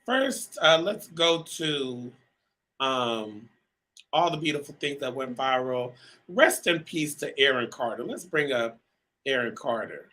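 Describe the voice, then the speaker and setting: Bright-voiced male talk show host. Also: mid-range voice, a little slow, rough recording. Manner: chatty, addresses viewers directly, many um fillers. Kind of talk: live talk show monologue.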